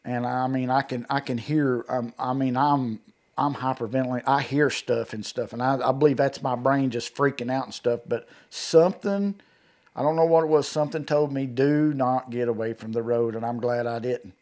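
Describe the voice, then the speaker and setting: A man with a drawl tells a frightening story from his own life at a middling pitch. He retells it vividly, stumbling over restarts and acting out the quotes. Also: steady tone, moderate pace, darkish tone. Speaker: eyewitness guest. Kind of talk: telling a personal encounter story.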